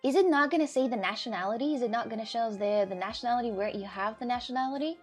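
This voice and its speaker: A woman vlogger in casual chat, arguing her point with halting restarts and fillers. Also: a little high, soft background music.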